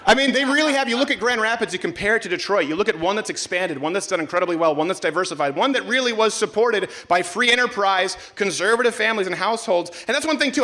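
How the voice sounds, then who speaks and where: A brash, sarcastic man hosts a live comedy talk show, his voice high and bright. His pitch swings widely as he riffs. He keeps slipping into mocking put-on voices. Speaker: host. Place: live show before a campus audience.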